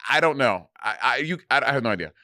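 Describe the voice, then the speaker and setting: A man's voice: medium pitch, lively intonation, fast, sharp tone, no echo, clean studio sound. A man co-hosting a casual podcast over a video call, talking loosely and swearing freely. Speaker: podcast co-host. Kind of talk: casual chat.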